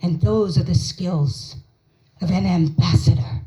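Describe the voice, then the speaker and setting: An American woman in her forties does a stand-up set at a small pub comedy night, telling stories and acting out her mother's lines. Her lowish voice is mellow and a little slow, and the audio is poor.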